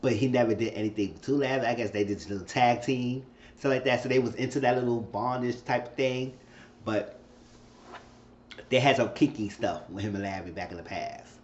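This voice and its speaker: A man casually recapping a TV episode, chatty and animated, with speech. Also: brisk, slight background noise. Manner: animated, jumps to high squeals when quoting characters. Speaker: TV episode reviewer. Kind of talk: casual recap with acted-out quotes. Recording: roomy, muffled home recording.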